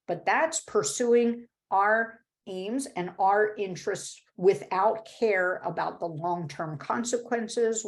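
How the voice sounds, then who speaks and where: Low, gravelly woman teaching a webinar. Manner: explanatory, conversational, with frequent "right?" and "uh". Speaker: workshop presenter. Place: home or office video call.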